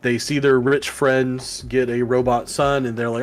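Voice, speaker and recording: A man's voice: medium pitch, steady tone, measured pace, hardly any pauses, faint music behind. A man co-hosting a casual comic book review show, rambling with lots of fillers. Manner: rambling, many fillers, acts out quoted lines. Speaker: podcast co-host.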